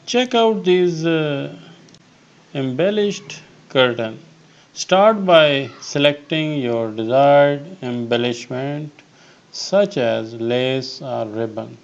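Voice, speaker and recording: Man, unhurried tutorial voice-over, hesitant reading with many fillers, dull lo-fi sound. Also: mid-range voice, lively intonation, vocal fry. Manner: halting reading with frequent "uh" pauses. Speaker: DIY channel host.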